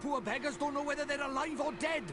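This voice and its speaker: A man's voice: very high voice, fast, over music. An actor voicing a cheeky, chatty little male fairy sidekick with a Welsh accent, in video game dialogue, bossy and sing-song. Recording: game audio with loud background noise.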